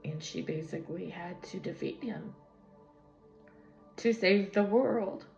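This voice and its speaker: A tarot reader speaks with a low-side, slow, gravelly voice and a darkish tone. Her casual spiritual reading, recorded on a phone, is rambling and tangential and full of fillers, in an echoey room with dull lo-fi sound and faint music.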